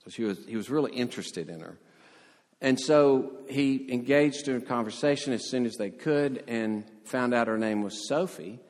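A man's voice: medium pitch, normal speed. Storytelling male preacher in a reverberant hall. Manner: storytelling, animated voices for quotes. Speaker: pastor. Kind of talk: sermon.

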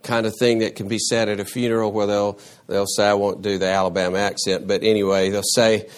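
Delivering a sermon from the pulpit, this pastor talks briskly with few pauses. He's animated, doubles back on words and phrases, and spikes abruptly into a high register to stress a point.

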